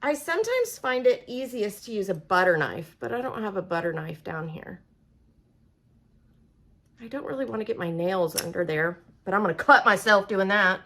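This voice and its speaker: This Oklahoma woman has an expressive, mid-range voice with a sharp tone and a moderate pace. She runs a relaxed product demonstration, chatty and folksy, speaking to viewers as if they were friends.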